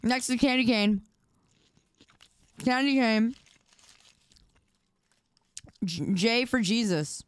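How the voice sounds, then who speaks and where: A woman's voice: a little high, slow, smooth, no echo. A young woman streaming live, chatting playfully and teasing her viewers while she eats. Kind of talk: casual live-stream chat.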